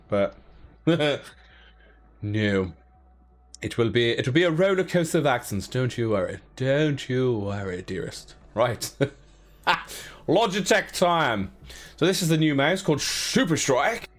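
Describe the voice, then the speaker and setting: A man's voice: mid-range voice, very animated, a little slow, pauses often, a bit bright. A young man casually hosting a giveaway live stream, chatting playfully, cracking jokes and counting down. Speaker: giveaway live draw host.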